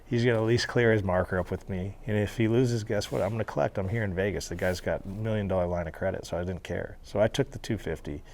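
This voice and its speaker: A man being interviewed, telling animated stories with casual swearing and laughter. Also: on the low side, fast talker, hardly any pauses. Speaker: interview guest. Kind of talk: storytelling interview. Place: federal halfway house.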